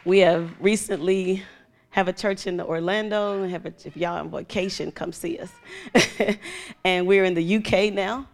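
A woman's voice: on the low side, normal speed, vocal fry. A middle-aged woman pastor preaching a sermon, telling stories with animation and acting out voices.

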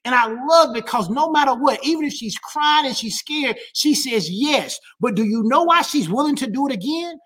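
A woman pastor preaching a sermon with passion, repeating key lines and rising to shouts at the high points. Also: animated, normal speed, few pauses, breathy edge.

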